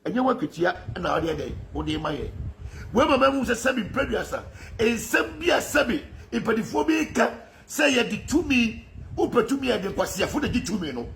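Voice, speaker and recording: A man's voice: very high-pitched, sing-song, moderate pace, vocal fry, fairly bright tone, slight background noise. A Ghanaian man giving a fervent political monologue to camera, often laughing as he talks. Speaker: political social media commentator.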